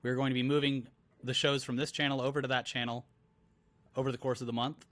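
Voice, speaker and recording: A young man, co-host runs a loose, rambling live-stream chat at an everyday middle pitch, slipping in jokes and "uh"s as he goes. He sounds casual and unscripted. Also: little pitch movement, quick pace, a bit bright, no room sound. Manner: joking, rambling, many fillers.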